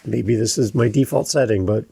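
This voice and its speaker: A man's voice: on the low side, normal speed, gravelly, mellow, slightly rough, no room sound. A man from Canada with a Canadian accent, hosting a podcast and explaining earnestly, often restarting his sentences. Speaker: podcast host and coach. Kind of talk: podcast monologue.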